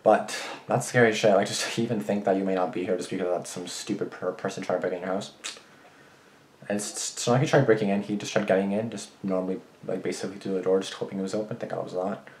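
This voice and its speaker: Deep fast-talking young man rambling. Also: fairly even intonation, a little mellow. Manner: rambling, restarts often, swears a lot. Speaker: vlogger. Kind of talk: casual rambling storytelling. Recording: roomy echo.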